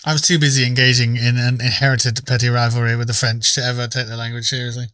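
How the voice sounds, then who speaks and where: A man live-streams a game, chatting casually with viewers in a rambling, joking way and swearing freely. His voice is medium-pitched, level, and a bit bright, he talks fast, and there's no room sound.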